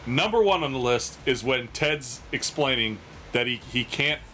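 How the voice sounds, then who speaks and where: A man's voice: medium pitch, animated, normal speed, sharp tone, a little hiss or hum. A man in his thirties hosting a sports card auction stream, joking profanely and laughing hard at his own stories. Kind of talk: casual livestream auction chat.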